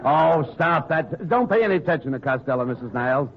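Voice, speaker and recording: A man's voice: fairly high pitch, expressive, a little fast. A man playing the scolding, exasperated straight man in 1940s radio comedy. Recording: dull old radio recording with faint hiss.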